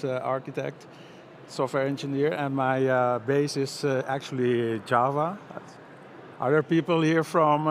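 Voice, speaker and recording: Slow, hesitant male conference speaker. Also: mid-range voice, a little hiss or hum. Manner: hesitant, many filler pauses. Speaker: conference speaker, software architect. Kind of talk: conference talk.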